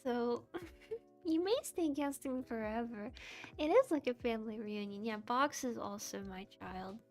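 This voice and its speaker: A woman's voice: fairly high pitch, animated, unhurried. A young woman streamer chatting casually with her viewers while she works on art. She giggles often and keeps apologizing in a friendly, self-deprecating way. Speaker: VTuber streamer and model rigger. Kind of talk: casual livestream chat. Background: soft background music.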